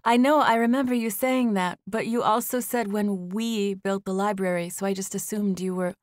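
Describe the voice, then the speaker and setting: A woman's voice: medium pitch, fairly even intonation, normal speed, no room sound, studio quality, pitched above the performer's own voice, natural voice. A woman narrator voicing a nervous, breathless woman in her thirties who rambles on a phone call, read as audiobook dialogue. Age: 30s.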